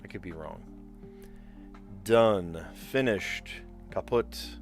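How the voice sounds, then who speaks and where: A man's voice: deep voice, drawn-out words, soft background music. A man live-streaming word puzzles, thinking aloud as he mutters guesses and chats with viewers. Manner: chatty with viewers.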